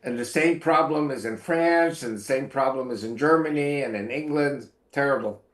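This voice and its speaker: A man's voice: medium pitch, moderate pace, echoey room. A man from Israel, a guest in a casual interview, talking earnestly with wry asides and hesitant fillers.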